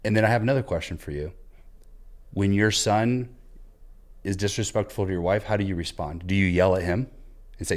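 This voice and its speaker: Deep-voiced man giving earnest advice. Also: fairly quick, pauses often. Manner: earnest, coaching, retells dialogue. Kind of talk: casual advice talk.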